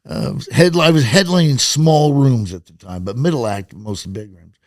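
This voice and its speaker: A middle-aged man, a comedian guest on a podcast, telling stories in a casual, animated way. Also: medium pitch, moderate pace, no room sound, clean studio sound. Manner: animated, acts out quoted voices and laughs at his own stories. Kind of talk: casual storytelling chat.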